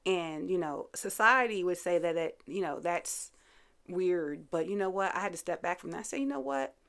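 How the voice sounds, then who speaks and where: A woman's voice: on the low side, moderate pace, a bit bright. A woman hosting a casual reality TV recap, chatty and opinionated, full of fillers and asides. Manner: chatty, opinionated, lots of "you know" fillers.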